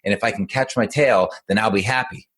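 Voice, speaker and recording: A man voicing an excitable young male dog in a spoken story, eager and breathless. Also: fairly low pitch, fairly quick, lightly acted. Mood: excited.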